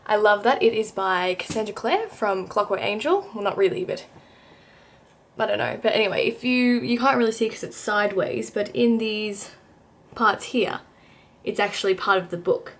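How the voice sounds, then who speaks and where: A woman's voice: mid-range voice, normal speed. A young woman chatting casually to the camera in her bedroom, giggly and self-deprecating, tripping over words and laughing at herself. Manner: bubbly, giggly and self-deprecating, with frequent slips and restarts. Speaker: book vlogger. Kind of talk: casual vlog chat.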